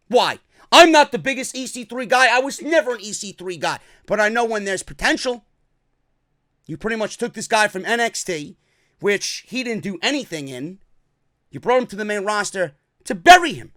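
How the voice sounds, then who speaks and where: High-pitched angry ranting man. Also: dry recording, clean studio sound. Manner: angry, profane ranting, often shouting. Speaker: wrestling commentary host. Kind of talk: ranting commentary.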